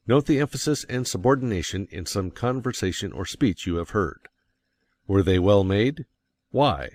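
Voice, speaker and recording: A man reading an audiobook aloud in a measured, deliberate way, stressing key words. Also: lowish voice, dry recording. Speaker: audiobook reader. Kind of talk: scripted audiobook narration.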